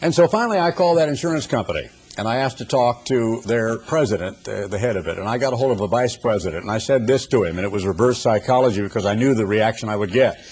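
A man's voice: fairly low pitch, quick pace, few pauses, a little mellow, husky. An older man preaching a sermon, telling folksy stories with humorous asides before turning to scripture. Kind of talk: sermon with anecdotes.

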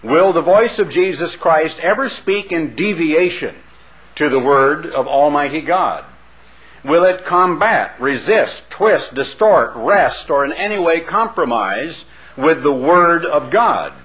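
Male preacher, sermon, folksy questioning delivery, animated rising and falling pitch, dull lo-fi recording. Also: a little slow.

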